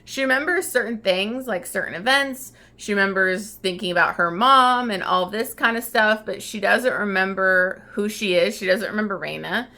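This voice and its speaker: A woman's voice: medium pitch, moderate pace, hardly any pauses, bright, forceful tone. A woman book vlogger recapping a romance novel in a casual, chatty way, full of likes and ums. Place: at home getting ready for work.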